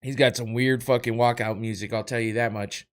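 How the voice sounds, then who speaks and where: A young man hosts a casual solo podcast, commentating over a live fight as if at a watch party. His mid-range voice keeps fairly even intonation and runs a little fast. His chatter rambles, swears, mocks himself, and breaks into frequent laughs.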